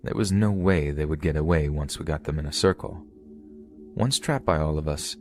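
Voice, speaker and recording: A man reads a creepy first-person story aloud in an even, measured way. His voice sits very low. A faint hiss of background noise runs under the recording. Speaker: story narrator.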